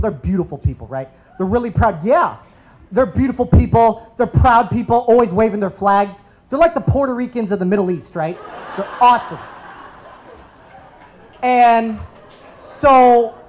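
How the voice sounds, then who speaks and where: Animated self-deprecating male storyteller. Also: high voice, poor audio. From United States. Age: 30s. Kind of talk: live comedic storytelling. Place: stage at a live story slam.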